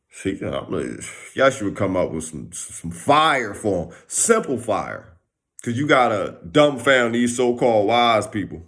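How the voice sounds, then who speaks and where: A man's voice: deep voice, vocal fry. A man vlogger in a casual, slangy monologue, acting out bits of conversation as he goes. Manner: animated, slangy, acts out conversations.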